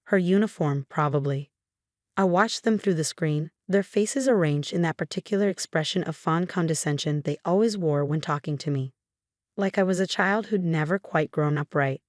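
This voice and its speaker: A woman reading a first-person family drama story in a calm, even narration. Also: lowish voice, moderate pace, dry recording, clean studio sound.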